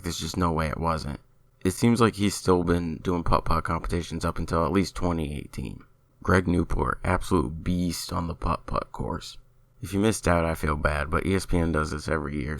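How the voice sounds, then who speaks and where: Low gravelly-voiced man hosting a podcast. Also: fairly bright tone, no echo. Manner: opinionated, rambling. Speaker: podcast host. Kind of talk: solo casual podcast commentary.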